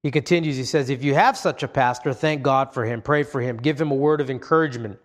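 A man preaching a sermon in an earnest, measured way, reading passages aloud between his own remarks. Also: medium pitch. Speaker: pastor.

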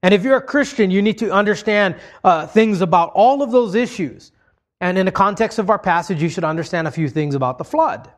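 High-voiced preacher explaining in a sermon. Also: male voice, animated, fairly quick. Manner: conversational, explaining asides to the congregation.

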